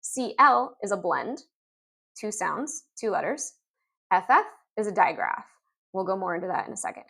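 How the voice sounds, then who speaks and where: A woman's voice: mid-range voice, sing-song, creaky, a bit bright, husky. Upbeat woman teaching phonics. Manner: upbeat, sounds out letters and words slowly. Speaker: literacy teacher. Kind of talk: instructional explainer video.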